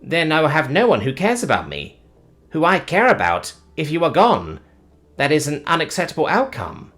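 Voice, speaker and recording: A man's voice: a little high, wildly swooping pitch, normal speed, fairly bright tone, pitched above the performer's own voice. Sci-fi audiobook: male narrator as a formal, literal robot with a caring streak. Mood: worried. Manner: formal, stiff, no contractions.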